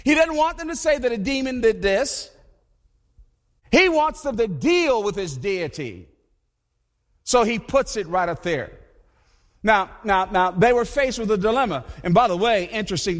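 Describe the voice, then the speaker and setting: Male preacher with a high voice, animated and conversational, recorded in a church with long reverb. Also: normal speed. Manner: conversational, repeats himself, animated storytelling. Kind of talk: sermon.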